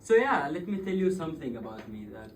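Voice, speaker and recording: A man's voice: on the high side, fast. A man from Yemen telling a personal story on stage, swearing and laughing as he goes. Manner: swearing, laughing, animated retelling. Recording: distant voice with clear background noise.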